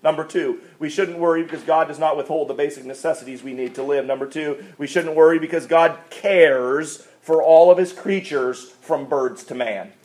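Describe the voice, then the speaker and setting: Pastor guy with a high voice preaching, goes loud then quiet, lots of rhetorical questions. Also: normal speed, few pauses. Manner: rhetorical questions, big swings between loud emphasis and quiet asides. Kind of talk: sermon.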